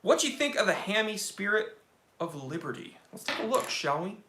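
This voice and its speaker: A man hosting a casual live stream about watches, opinionated and animated, answering viewer questions. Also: high voice, moderate pace, reverberant.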